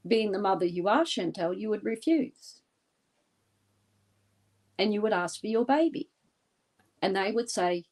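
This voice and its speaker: A woman from Australia, a guest in an interview, leading a guided visualization with an intense, deliberate, vivid way of telling. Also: mid-range voice, darkish tone.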